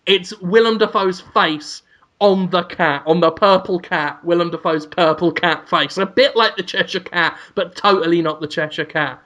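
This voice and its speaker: A man's voice: sits high, moderate pace, pushed and bright. A man co-hosting a podcast, rambling through a comic story with giggles and off-the-cuff asides. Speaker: podcast co-host.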